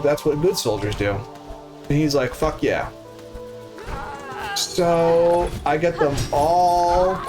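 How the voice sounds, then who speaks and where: A young man, a live streamer, telling a story casually, full of swearing and acting out the voices of the people in it. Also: on the high side. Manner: profane, acts out voices of people in his stories.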